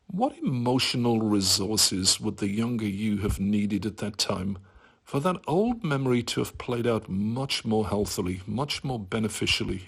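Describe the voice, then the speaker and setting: Male facilitator, calm guided-visualization delivery, raspy and gravelly. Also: medium pitch. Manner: slow, soothing guidance with playful rising bursts.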